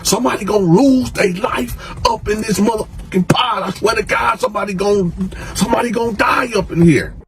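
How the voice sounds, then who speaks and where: A man voicing an angry, menacing male prison inmate who shouts threats. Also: very high voice, quick pace, few pauses, music in the background, voice pushed up. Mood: enraged.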